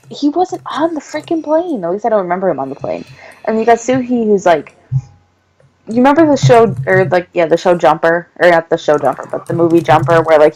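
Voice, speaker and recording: A woman with a fairly low voice chats casually about a drama. She rambles loosely and keeps the talk light. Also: low-quality recording. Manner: relaxed, chatty, rambling with fillers. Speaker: drama review co-host. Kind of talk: casual chat.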